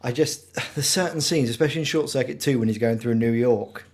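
A man's voice: medium pitch, brisk, breathy edge. A man co-hosting a casual podcast chat, enthusiastic and laughing often. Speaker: podcast co-host.

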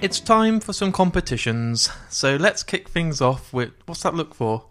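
A man's voice: a little high, measured pace, music in the background. A man co-hosting a film review podcast, chatting casually and jokily, swearing freely. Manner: jokey, animated, swears freely. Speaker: podcast co-host.

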